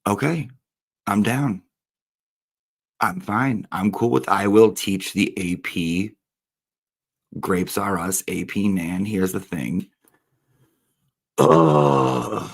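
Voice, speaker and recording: A man's voice: low voice, fairly even intonation, slow pace, creaky, pauses often, slightly rough. A man hosting a comic monologue in a campy, punning way, talking to his audience like a teacher giving a class. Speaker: comedy host.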